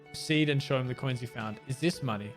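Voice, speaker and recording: A man hosts a let's play in a fast, mid-range voice with faint music behind him. He reads game dialogue plainly, cuts in with wry asides, and sometimes trips over difficult words.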